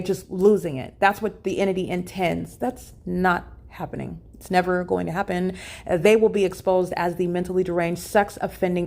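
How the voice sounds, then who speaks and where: A woman's voice: fairly low pitch, a little mellow. A woman recording a solo vlog monologue in a hotel room, talking emphatically with many "uh" fillers and repeated phrases. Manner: emphatic and repetitive, with frequent fillers. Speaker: vlogger documenting her day. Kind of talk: solo spoken monologue to camera.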